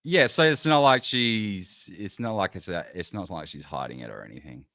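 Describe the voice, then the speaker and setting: A man's voice: sits low, animated, normal speed, bright, forceful tone, no room sound, clean studio sound. A man co-hosting a casual news-and-banter podcast, teasing his partner and talking with many restarts. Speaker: podcast co-host.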